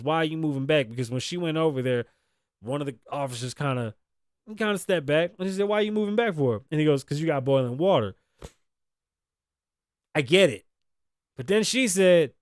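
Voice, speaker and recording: A podcast host from Las Vegas delivers blunt, indignant news commentary, swearing freely and acting out the lines of the people involved. His voice is on the high side and a little mellow, recorded clean in a studio with no room sound.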